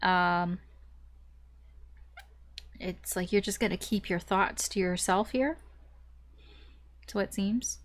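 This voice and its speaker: A woman's voice: mid-range voice, slow, pauses often. A woman giving a casual tarot reading to her viewers, chatty and full of fillers and restarts. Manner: chatty, frequent fillers and restarts, light laughs. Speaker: tarot reader.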